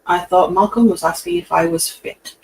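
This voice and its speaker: A man's voice: high-pitched, fairly even intonation, normal speed, low-quality recording. A man co-hosting a casual livestream, reading viewer comments aloud with frequent chuckles. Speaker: co-host reading viewer chat.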